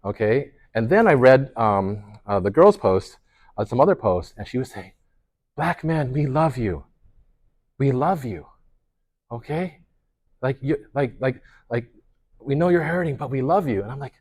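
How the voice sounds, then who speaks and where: A man, a pastor, leading a workshop in a conversational way, telling stories with lots of restarts and fillers. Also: moderate pace. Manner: animated storyteller, lively pitch swings, many restarts and fillers.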